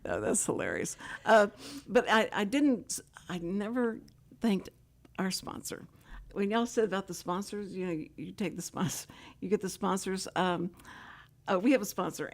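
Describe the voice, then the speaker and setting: An older woman hosting a local radio talk show, telling stories in a chatty way and acting out quoted dialogue. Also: medium pitch. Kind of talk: casual chat with guests.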